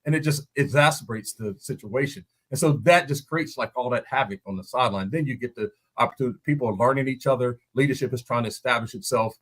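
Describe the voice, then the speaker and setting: A man, a former football lineman, breaking down a game on a podcast in animated, story-driven casual chat, laughing often. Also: medium pitch, quick pace, hardly any pauses. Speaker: guest analyst, former NFL lineman.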